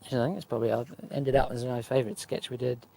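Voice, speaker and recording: Man, comedy actor, interview, wry, self-mocking, mid-pitch. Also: steady tone, fast, gravelly, dark tone, slight background noise. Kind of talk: documentary interview.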